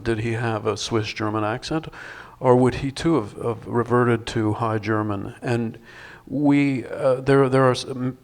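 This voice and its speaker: An older male film director at a festival panel, answering in a thoughtful, wry way with many restarts. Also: medium pitch.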